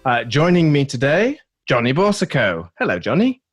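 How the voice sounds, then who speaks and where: A man's voice: medium pitch, wildly swooping pitch, normal speed, dull audio. A man hosting a casual tech podcast, playful and self-deprecating, laughing often. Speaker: podcast host.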